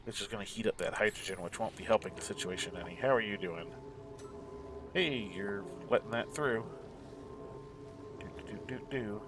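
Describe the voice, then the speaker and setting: A man's voice: fairly low pitch, fast talker, few pauses, over music. A man giving casual, mumbling let's-play commentary, musing aloud to himself as he searches around a game map. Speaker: gameplay commentator.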